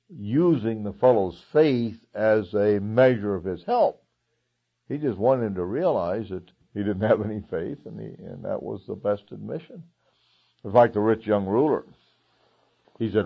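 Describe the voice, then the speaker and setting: A man's voice: on the low side, normal speed, creaky. A man preaching a conversational sermon, chuckling now and then, with many "uh"s and restarts. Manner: conversational, with chuckles and filler words. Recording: dull lo-fi recording.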